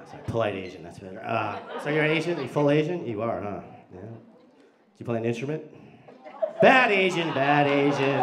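Brief: a raunchy male stand-up roasting the crowd on a handheld mic in a roomy, noisy club. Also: mid-range voice. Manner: crude, profane, teasing the audience. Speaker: stand-up comedian. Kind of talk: stand-up comedy with crowd work. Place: live comedy club. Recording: echoey club, loud background noise.

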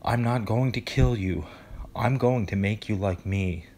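A seductive vampire woman, put on by a man reading his story, speaks in a soft hush. The voice sits very low and deep, with calm, possessive control. It is a storytelling reading, not a full performance. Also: normal speed, slight background noise.

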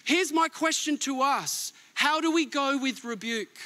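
A middle-aged man preaches with a very high, bright and sharp voice. He swings from hushed, gentle passages to emphatic near-shouts as he presses his points to the congregation. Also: a little slow. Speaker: pastor. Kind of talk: sermon.

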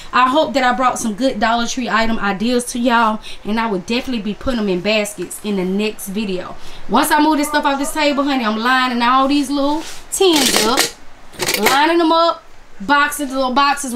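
Chatty woman, slightly high voice. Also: fairly bright tone, a little hiss or hum. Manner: chatty, calls viewers honey and y'all. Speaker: crafts vlogger. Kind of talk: casual chat to camera.

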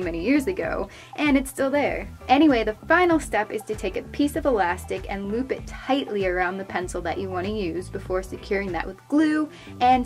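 A young woman, host of a craft channel, chatting her way through a step-by-step craft tutorial voice-over. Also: medium pitch. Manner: chatty, upbeat, explaining step by step.

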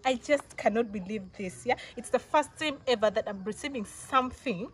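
A young woman chats to her viewers in a casual vlog, her voice sitting a little high. She sounds excited and emotional, with frequent giggles, and speaks to the camera as if to close friends. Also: moderate pace. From Uganda. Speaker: vlogger.

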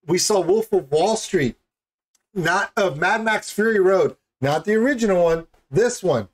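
A man's voice: high-pitched, expressive, unhurried. A man hosting a music video reaction, talking in an enthusiastic, rambling and jokey way. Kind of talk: casual reaction commentary.

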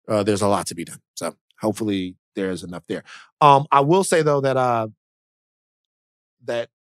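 A man's voice: lowish voice, no room sound, clean studio sound. A man co-hosting a podcast in casual chat, talking in an emphatic, preacher-like cadence that builds as he goes. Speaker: podcast co-host.

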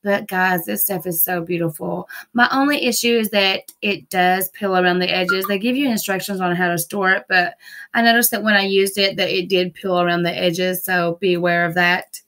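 In a casual haul video, a woman gushes over nail products, repeating herself and dropping casual fillers. Her lowish voice is a bit bright, with fairly even intonation and normal speed, and the home around her is busy with TVs and dogs.

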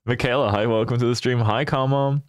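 A man's voice: mid-range voice, fairly even intonation, fairly quick, smooth, no echo, studio quality. A man chatting casually with his viewers as a livestreamer, playful and teasing, often laughing.

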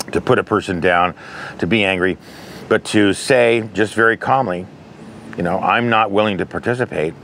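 Casting note: low-voiced man, candid and conversational, telling stories from his work, with faint noise in the background. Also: fairly bright tone. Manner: candid, conversational, storytelling with anecdotes. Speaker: interventionist. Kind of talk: advice monologue.

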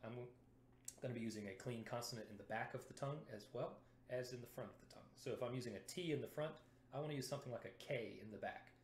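A man teaching brass playing in a lesson video, explaining clearly and methodically while sounding out syllables to demonstrate. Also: mid-range voice, fast, reverberant, slight background noise.

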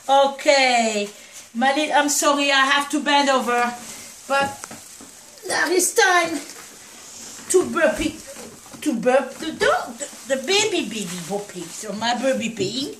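A woman's voice: high voice, expressive, a little slow, a bit bright. A woman chatting through a puppy feeding demonstration, cheering and coaxing the puppies as she goes. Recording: echoey room, mic at a distance.

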